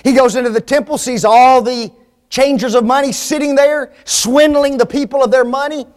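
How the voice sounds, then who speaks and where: Emphatic high-voiced preacher man. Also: fairly even intonation, normal speed. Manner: emphatic, rhetorical questions, swings between loud and hushed. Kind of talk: sermon.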